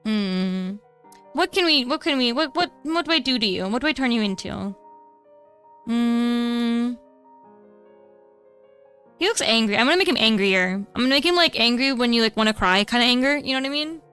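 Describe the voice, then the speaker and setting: Bright chatty young woman streamer. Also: a little high, animated, normal speed, pauses often, smooth, soft background music. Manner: rambling, many fillers and self-interruptions. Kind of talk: casual chat while drawing.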